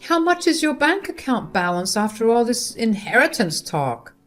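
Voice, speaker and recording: A woman narrator voicing a greedy, scheming husband who asks excited, eager questions. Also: extremely high pitch, moderate pace, soft background music, pitched above the performer's own voice, full character voice.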